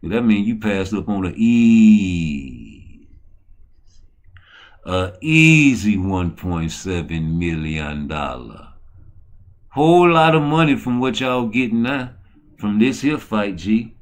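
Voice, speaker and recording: A man rants as host of a boxing commentary show. He rambles, scattering "you know" and "man" through every sentence. His voice sits somewhat low. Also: sing-song, slow.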